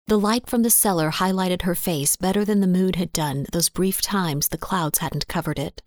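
A woman narrating a western story in a steady, even reading voice. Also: fairly low pitch, normal speed, no echo, clean studio sound. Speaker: audiobook narrator.

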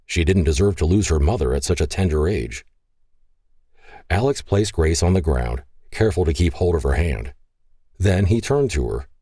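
A man reading a romance novel aloud as narrator, measured and expressive. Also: low voice, breathy edge, no room sound, studio quality. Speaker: audiobook narrator.

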